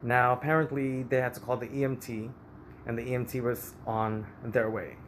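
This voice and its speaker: A man's voice: medium pitch, steady tone, moderate pace, a little hiss or hum. A man candidly recounting a painful family story in an emotional, personal vlog. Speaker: vlogger.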